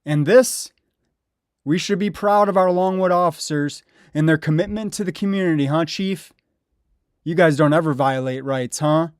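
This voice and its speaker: A man's voice: a little high, moderate pace, no room sound, studio quality. A man giving sarcastic, indignant commentary over police bodycam footage. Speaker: video commentator.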